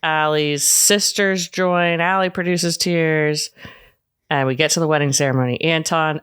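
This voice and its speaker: Co-host, wry deadpan recap, bright crisp voice, casual chat. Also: medium pitch, unhurried. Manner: wry, deadpan play-by-play summary. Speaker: podcast co-host.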